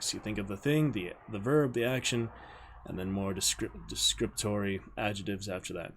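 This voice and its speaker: A man's voice: on the low side, fairly quick, creaky, a little hiss or hum. Man thinking aloud while learning lines. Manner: thinks aloud, repeats script lines over and over. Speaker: streamer and community theater actor. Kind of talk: casual live-stream chat while learning lines.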